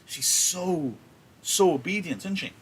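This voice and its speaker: A man's voice: sits high, animated, measured pace, slight background noise. A man teaching a play on a livestream, explaining in a chatty way with wry asides. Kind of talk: casual livestream lesson on a play.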